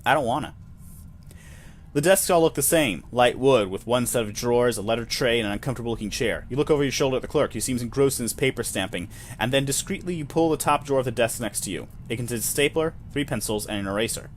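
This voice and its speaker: A man's voice: mid-range voice, quick pace, a little hiss or hum. Man reading a solo tabletop game. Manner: self-deprecating asides, wry. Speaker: narrator and solo player. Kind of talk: reading a solo role-playing game aloud.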